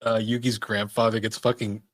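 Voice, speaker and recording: A man's voice: lowish voice, little pitch movement, normal speed, a bit bright, a little hiss or hum. A man chatting as a podcast guest, wry and amused, swearing and chuckling as he tells stories. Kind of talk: casual chat.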